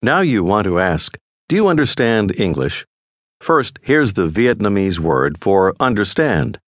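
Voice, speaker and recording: Lively, lowish-voiced male course narrator. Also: dry recording, studio quality. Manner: measured, patient teacher's delivery. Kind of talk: scripted instructional narration. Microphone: close studio mic.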